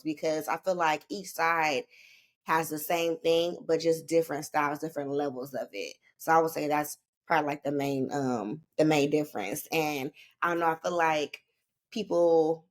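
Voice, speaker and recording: A woman's voice: sits low, normal speed. A woman, a podcast guest talking in a laid-back, slangy, rambling way. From Northern California. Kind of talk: casual chat.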